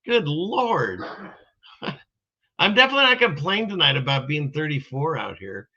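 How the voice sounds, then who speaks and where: A man's voice: a little high, huge pitch swings, a little fast, bright, forceful tone. A man hosting a casual live stream, rambling in a folksy way as he reads out viewer comments. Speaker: streamer host. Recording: dull lo-fi stream audio.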